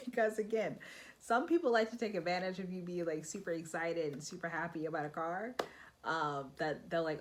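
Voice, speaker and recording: A woman's voice: on the low side, moderate pace, fairly bright tone. A young woman talking casually in a vlog, giving advice and acting out little bits of dialogue. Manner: chatty, acts out quoted dialogue. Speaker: vlogger.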